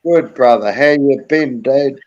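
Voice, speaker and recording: A man's voice: medium pitch, measured pace, darkish tone, highs cut off, a little hiss or hum. A middle-aged man, hosting a casual livestream chat in a laid-back, rambling way and mumbling while he fiddles with a device. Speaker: livestream host.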